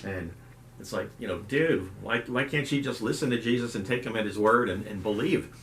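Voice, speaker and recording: Middle-aged youth pastor guy chatting to camera, folksy storyteller, bright punchy voice, echoey room. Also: on the low side, brisk, slight background noise. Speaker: youth pastor and video host. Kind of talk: casual devotional talk to camera. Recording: roomy echo.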